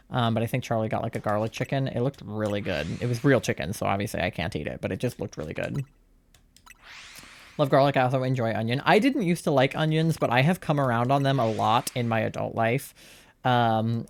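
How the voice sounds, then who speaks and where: A young adult man chatting through a live game stream, rambling when calm and then panicked and swearing with excitement. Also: medium pitch.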